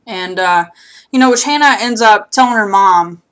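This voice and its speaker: Outdoors, a young woman vlogger recaps a TV episode in a chatty, rambling way, swearing and using lots of fillers. Her mid-range voice is fairly bright and moves at normal speed.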